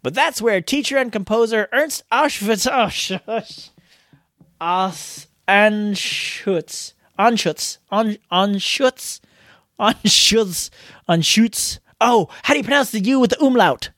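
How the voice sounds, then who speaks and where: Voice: mid-range voice, takes it slowly, fairly bright tone, dry recording, clean studio sound. A podcast host reading a script, stumbling over hard names, restarting lines and mocking their own flubs. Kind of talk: reading a script, blooper takes.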